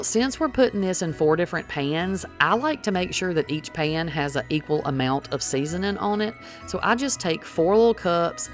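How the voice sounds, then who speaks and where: A middle-aged woman, chatting folksily through a cooking demonstration and talking to viewers as y'all. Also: sits low. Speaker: cooking vlogger.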